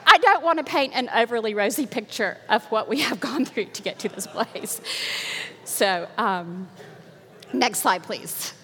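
A woman's voice: on the high side, expressive, normal speed, sharp tone, slight background noise. An older woman giving an earnest, sermon-style talk with slides, telling stories with a laugh, in a hall with long reverb. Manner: earnest, preachy storytelling with laughs.

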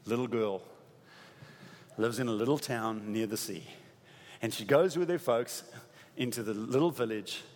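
Animated preacher in an echoing hall. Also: male voice, mid-range voice. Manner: animated, rising to emphatic peaks. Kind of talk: sermon storytelling. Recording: long reverb in a large hall.

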